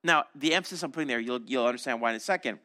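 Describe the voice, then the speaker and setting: A man's voice: medium pitch, racing, bright, forceful tone. A man preaching a sermon as a pastor, telling the story animatedly and acting out the voices of crowds and disciples.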